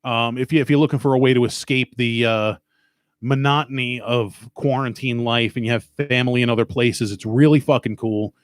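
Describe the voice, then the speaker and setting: Speaking briskly in a steady, medium-pitched voice, a stuffy-nosed podcast host from Long Island rambles through casual talk full of profanity and jokes. The studio-quality audio has no room sound.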